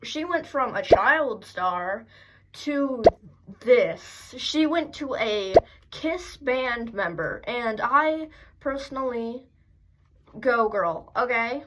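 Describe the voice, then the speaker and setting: A woman's voice: on the high side, lively intonation, slow pace, a bit bright, low-quality recording. Rambling sarcastic woman on a phone mic. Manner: rambling, self-deprecating, sarcastic. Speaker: host. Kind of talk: casual reaction commentary.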